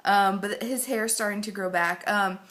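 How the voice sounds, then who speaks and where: A woman's voice: mid-range voice, fairly even intonation, normal speed, a bit bright. A pregnant woman giving a rambling, casual update to camera, full of fillers and close to tears at times. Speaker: vlogger.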